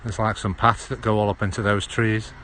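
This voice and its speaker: A man's voice: fairly low pitch, little pitch movement, a little fast, a bit bright, a little hiss or hum. A man with a Stoke-on-Trent accent chatting casually while walking through an outdoor park on a phone livestream, dropping his H's. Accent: Stoke-on-Trent (Potteries). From Stoke-on-Trent, England. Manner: rambling, chatty, drops H's. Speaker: livestream host. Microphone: handheld phone.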